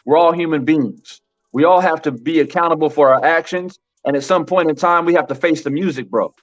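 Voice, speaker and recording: Slightly high-voiced and brisk, a boxing commentary channel host talks emphatically to his live chat. He goes over his points repeatedly and says "bro" a lot; the recording is dull lo-fi with faint background music.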